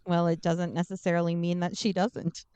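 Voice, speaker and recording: A woman's voice: lowish voice, normal speed, smooth, no echo. A woman podcast co-host recapping a movie plot in a casual, joking, sarcastic way. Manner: joking, sarcastic, animated storytelling.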